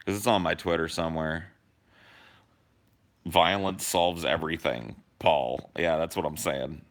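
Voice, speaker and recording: A young man on a podcast, telling a story in casual, animated chat, swearing freely and acting out what people said. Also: extremely low pitch, a little slow, slight background noise. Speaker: podcast co-host.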